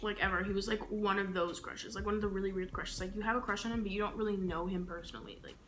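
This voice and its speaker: A young woman vlogger telling embarrassing stories in a casual, animated, slangy way while carving a pumpkin. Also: medium pitch, fast, faint music behind. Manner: animated, slangy, acts out quotes. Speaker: beauty vlogger.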